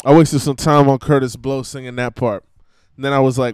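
A man's voice: medium pitch, steady tone, brisk, a little mellow, clean tone, dry recording, studio quality. A man in his twenties hosting a podcast, chatting casually and playfully, laughing often and breaking into rap lyrics. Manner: playful, laughing, rapping along to songs. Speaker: podcast host. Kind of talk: casual chat.

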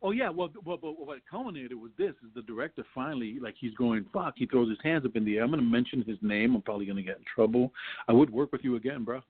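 A man's voice: mid-range voice, lively intonation, fast talker, slightly rough. Man telling stories over a tinny line. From New York. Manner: rambling anecdotes with many restarts and laughs. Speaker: actor guest. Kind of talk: casual storytelling interview.

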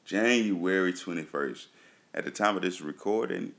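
A man with a very low voice gives a loose, chatty run-down of TV shows for his viewers. He often pauses on "um" and says his points twice for emphasis. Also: gravelly, fairly bright tone. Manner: loose and chatty, many fillers and repeats. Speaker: TV show reviewer. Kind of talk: casual chat to viewers.

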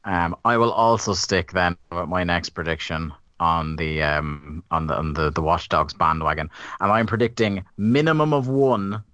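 A man hosting a casual gaming podcast in a low voice with a bright, forceful edge. He runs the segments in a dry, laid-back way. The recording is dry and close. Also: moderate pace, few pauses, no echo. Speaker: podcast host.

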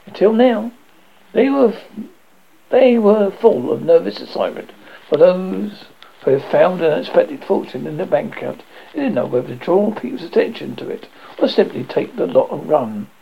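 A man reads a novel aloud in an amateur way, often stumbling over words and starting them again. His voice is gravelly and husky, with a lively pitch. The recording sounds dull and lo-fi. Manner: halting, frequent restarts. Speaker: audiobook reader. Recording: dull lo-fi audio.

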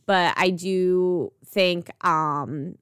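Chatty young woman with a smooth voice. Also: lowish voice, fairly even intonation, very slow, fairly bright tone, dry recording, studio quality. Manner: chatty, lots of "like" fillers, swears casually. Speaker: podcast co-host. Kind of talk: casual chat.

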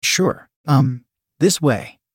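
A man's voice: mid-range voice, animated, extremely slow, husky, no echo, heavily acted. Guy voicing a nervous young gym dude, stammers, dry sound. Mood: hesitant. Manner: hesitant, stammering.

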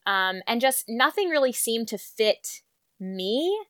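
A young adult woman speaking as a guest in a casual conversation, reflective and halting with fillers. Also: a little high, big pitch swings, fairly bright tone, no room sound.

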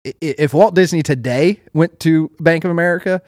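A man, a restaurant owner, being interviewed on a podcast, calmly explaining how banks work through anecdotes. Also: fairly high pitch, dry recording, studio quality. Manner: measured, explains with anecdotes, repeats for emphasis. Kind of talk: casual interview chat.

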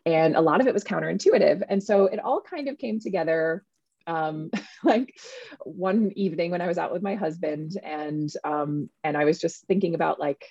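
Woman in her thirties, gravelly and husky voice, lower pitch, dry lo-fi sound, chatty interview guest. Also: normal speed, no room sound. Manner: chatty and animated, many fillers. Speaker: author and guest. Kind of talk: casual interview conversation. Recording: dull, lo-fi sound.

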